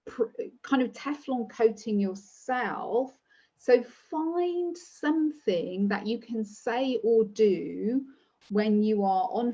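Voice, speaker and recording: A woman co-hosting a casual parenting podcast, giving gentle tips and laughing often. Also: fairly high pitch. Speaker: podcast co-host. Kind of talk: casual chat. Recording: dull lo-fi sound.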